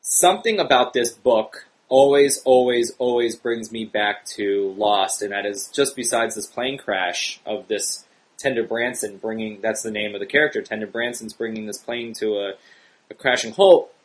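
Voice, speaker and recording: A man hosting a casual podcast chat, animated and excitable, his voice jumping up when worked up. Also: lowish voice, moderate pace, poor audio. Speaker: podcast host.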